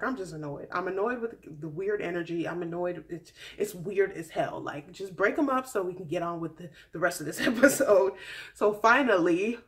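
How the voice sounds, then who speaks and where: Sassy chatty woman vlogger. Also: medium pitch. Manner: chatty, sassy, animated with mock quotes. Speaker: vlogger recapping a reality show. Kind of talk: casual recap vlog.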